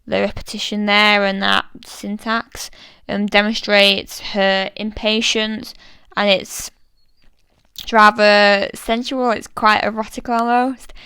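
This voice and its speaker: A woman's voice: medium pitch, little pitch movement, slow, pushed and bright, smooth, no echo, low-quality recording. A British woman giving a casual, thoughtful analysis of a poem, chatty and full of fillers. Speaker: literature explainer.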